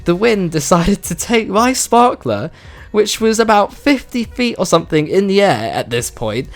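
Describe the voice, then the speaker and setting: A man's voice: sits high, very animated, normal speed. A young man telling an embarrassing story casually on his vlog, swearing freely and laughing along. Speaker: vlogger.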